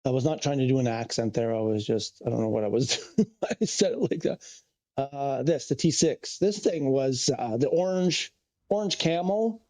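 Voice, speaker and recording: A man's voice: medium pitch, lively intonation, moderate pace, a little mellow. A man streaming a flight game, chatting casually and thinking aloud as he corrects himself. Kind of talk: casual live-stream chat.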